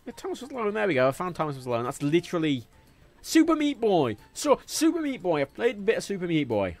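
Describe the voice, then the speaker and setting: Lively rambling young English man. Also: sits high, quick pace. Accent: English with a faint Liverpool twinge. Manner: rambling, swears freely, jumps between topics. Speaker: livestreamer. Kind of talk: casual gaming livestream chat. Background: faint game music.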